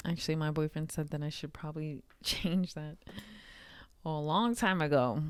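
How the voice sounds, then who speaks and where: A woman's voice: low-pitched, fairly even intonation, moderate pace, clear, resonant tone, dry recording. A woman talking candidly to camera in a casual vlog, swearing now and then and laughing often. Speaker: vlogger.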